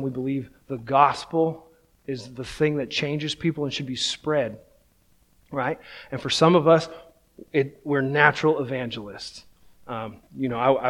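A man's voice: fairly high pitch, a bit bright. A man in his thirties, a pastor, preaching a sermon in a casual, self-deprecating storytelling way, often checking in with "right?".

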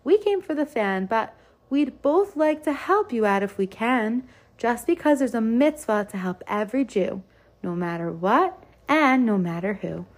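A woman's voice: a little high, animated, unhurried. A woman voicing a lazy, reluctant older boy who grumbles about the heat. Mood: helpful. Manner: reluctant, whiny.

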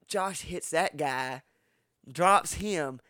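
A man from Texas, telling stories in casual podcast talk, profane and animated, acting out what people said with sudden loud jumps. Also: on the high side, extremely slow, no room sound, clean studio sound. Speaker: podcast host. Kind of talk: casual storytelling.

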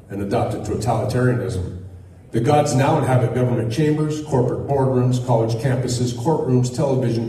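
Man, preacher, earnest sermon, dark tone, faint room hum. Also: medium pitch. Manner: earnest preaching with a spoken anecdote. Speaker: guest preacher. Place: church sanctuary. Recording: echoey hall, miked from a distance.

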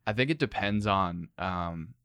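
A man's voice: low voice, measured pace, fairly bright tone, smooth, dry recording, studio quality. A young man hosting a podcast, chatting casually and rambling with frequent laughs. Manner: laid-back, rambling, laughs often. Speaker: podcast host. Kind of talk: casual chat.

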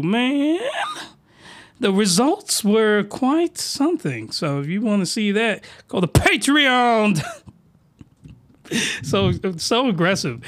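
A man hosting a comedy podcast, talking in an animated, incredulous, slangy way. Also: sits high. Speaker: podcast host.

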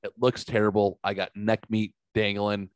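A man's voice: lowish voice, flat delivery, moderate pace, dry recording. A man hosting a podcast, chatting casually and profanely, mocking himself and rambling through stories. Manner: self-mocking, rambling storyteller. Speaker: podcast host.

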